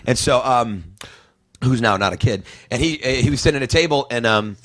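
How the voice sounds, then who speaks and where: Comedian guy on a podcast, talks super fast, animated stories, lots of restarts. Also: medium pitch. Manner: animated storyteller, quick and full of restarts. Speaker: comedian guest. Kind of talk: casual podcast chat.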